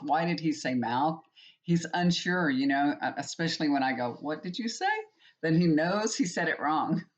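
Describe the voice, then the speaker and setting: Chatty woman telling stories to viewers. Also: low-pitched. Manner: chatty, laughs often, animated retelling. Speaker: tarot reader and healer. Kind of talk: casual storytelling chat to viewers. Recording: slightly dull lo-fi sound.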